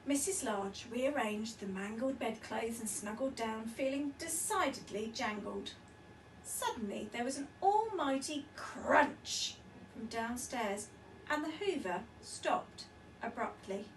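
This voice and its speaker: A woman teacher reading a picture book aloud with lively, expressive storytelling. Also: fairly high pitch, slow, reverberant, recorded from a distance, a little hiss or hum, low-quality recording.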